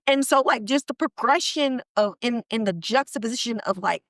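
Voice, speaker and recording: A woman hosts a podcast and recaps a TV episode in loose, slangy, animated storytelling. Her voice sits fairly high, and the recording is dry and close. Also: moderate pace, few pauses, no room sound. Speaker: podcast host. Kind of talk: casual TV recap chat.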